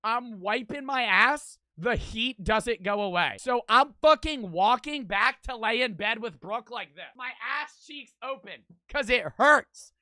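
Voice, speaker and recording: A young man telling a crude story in casual, profane, animated fashion. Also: extremely high pitch, a little slow, hardly any pauses, dry recording. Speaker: streamer.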